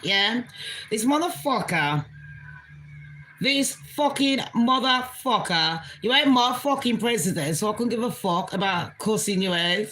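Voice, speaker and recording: A woman's voice: medium pitch, expressive, a little slow, fairly bright tone, rough recording. A British Jamaican woman vlogging an angry political rant, heated and profane, swearing constantly.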